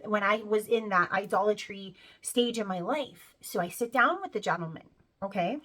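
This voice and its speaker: A woman's voice: medium pitch, normal speed, a bit bright. A woman talking casually to her viewers, chatty and conversational, often checking in with "you know" and "right?". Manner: laughs while telling the story. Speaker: spiritual video creator. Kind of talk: casual monologue to camera.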